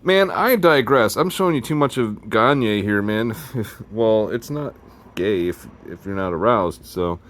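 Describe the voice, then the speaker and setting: A man's voice: lowish voice, lively intonation, unhurried, fairly bright tone. A man with a Midwest American accent talking casually to his viewers, rambling from one joking aside to the next. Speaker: video host. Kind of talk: casual vlog commentary.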